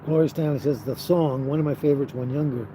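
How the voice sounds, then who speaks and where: A man's voice: mid-range voice, steady tone, fast talker. A man hosting a casual livestream, reading and answering viewer chat in an easygoing way, often chuckling and trailing off with fillers. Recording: outdoor livestream with noticeable traffic noise.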